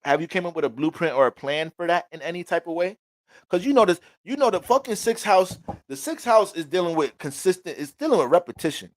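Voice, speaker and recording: A male astrologer giving a casual astrology reading, animated and preachy, with heavy cursing. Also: high voice, fairly quick, no room sound.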